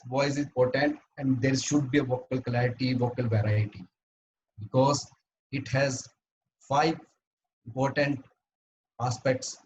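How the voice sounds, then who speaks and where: A man giving a prepared talk at an online speakers' club meeting, earnest and halting, with frequent restarts. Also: medium pitch, a little hiss or hum, poor audio.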